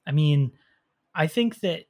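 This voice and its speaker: A man co-hosting a casual movie podcast, telling scenes with animated energy and quick laughs. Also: fairly high pitch. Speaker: podcast co-host. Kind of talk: casual movie review chat.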